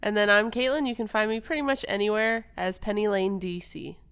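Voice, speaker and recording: Casting: female podcast co-host, bubbly, teasing, fast talker. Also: medium pitch, steady tone, a bit bright, clean tone. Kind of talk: casual chat. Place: room above a comic shop.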